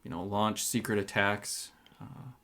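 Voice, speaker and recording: A man's voice: fairly low pitch, steady tone, measured pace, sharp tone. A man playing a tabletop game, speaking hesitantly and full of ums as his character. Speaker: player.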